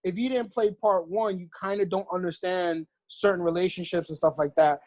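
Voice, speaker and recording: A man co-hosting a podcast in casual chat, blunt and swearing a lot as he talks in quick bursts. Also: sits high, steady tone, darkish tone, no room sound. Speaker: podcast co-host.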